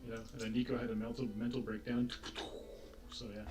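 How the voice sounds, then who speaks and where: A man's voice: medium pitch, level tone, quick pace, a little mellow, soft background music. A man hosting a streamed tabletop game, chatting loosely with many fillers and restarts before the recap. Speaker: game master. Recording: noisy online call with keyboard clicks.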